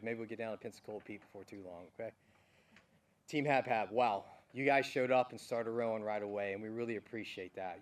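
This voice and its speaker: A man's voice: medium pitch, recorded from a distance. A middle-aged man, a departing army general, giving a heartfelt farewell speech with folksy asides at an outdoor military ceremony.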